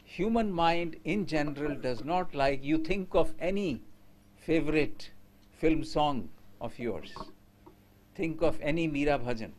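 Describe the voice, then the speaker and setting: A man's voice: on the high side, lively intonation, unhurried, a little mellow. A man giving a conversational lecture to teachers and asking the audience questions.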